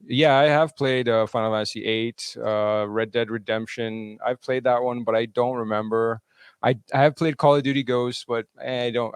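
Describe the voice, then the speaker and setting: A low-pitched man with a gravelly, resonant voice co-hosts a podcast. He talks haltingly, restarting sentences and dropping in short agreements. The sound is dry and close. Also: dry recording. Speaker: podcast co-host. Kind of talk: casual podcast chat.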